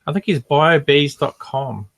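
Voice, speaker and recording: A man from New Zealand co-hosting a beekeeping podcast, upbeat and chatty with quick affirmations. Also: fairly high pitch, a bit bright. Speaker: podcast co-host. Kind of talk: casual live Q&A chat.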